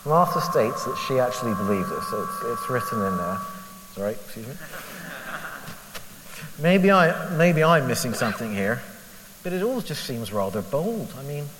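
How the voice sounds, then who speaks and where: A man's voice: mid-range voice, very animated, normal speed, long pauses, a bit bright. A man giving a candid, conversational Bible reflection as a lay preacher, asking himself rhetorical questions with self-deprecating honesty. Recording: echoey hall with faint hiss.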